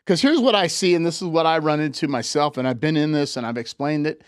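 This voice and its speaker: A man's voice: a little high, quick pace, clear, resonant tone, no echo, studio quality. A man coaching on relationships in a live talk, lecturing emphatically with repeated points.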